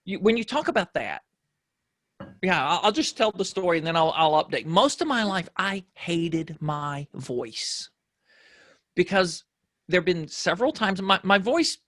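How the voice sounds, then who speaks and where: A man whose voice sits higher than most men's, telling stories in a reflective, casual conversation as a podcast guest. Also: very animated, measured pace, a bit bright, dry recording, studio quality. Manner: reflective storyteller.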